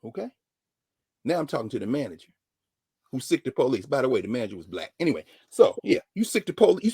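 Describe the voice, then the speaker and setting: A middle-aged man, telling a story as a professor, his husky voice leaping up and down in pitch. He drops to near whispers and then bursts out loud, acting out each person he quotes. The sound is dry and close. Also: very animated, fast talker, no echo. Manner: dramatic retelling, voicing others in quotes, swinging from hushed to shouting. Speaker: professor and regular guest. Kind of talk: animated storytelling lesson.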